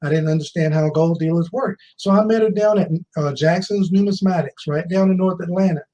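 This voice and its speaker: A fifties-aged man tells a personal story at a conference in motivational style, posing questions to listeners and repeating important phrases to drive them home. He speaks fairly quickly in a high, warm voice, though the audio is poor.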